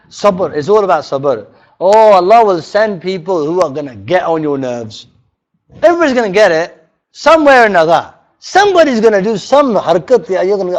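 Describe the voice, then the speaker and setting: A man teaching a religious workshop in a mosque, animated and often checking in with his listeners. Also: high voice, moderate pace. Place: mosque hall. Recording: dull lo-fi recording.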